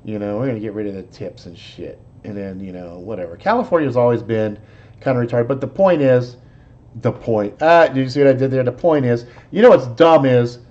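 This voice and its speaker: A man's voice: mid-range voice, a little fast, a little mellow, lo-fi sound. A man hosting a live show, chatting casually in a profane, rambling, laid-back way. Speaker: host. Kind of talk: casual chat, movie talk.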